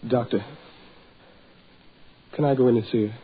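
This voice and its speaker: An actor in 1940s radio drama playing a frantic husband driven half mad, with a strained, desperate voice. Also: male voice, mid-range voice, steady tone, normal speed, slight background noise, natural voice. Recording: muffled old radio recording.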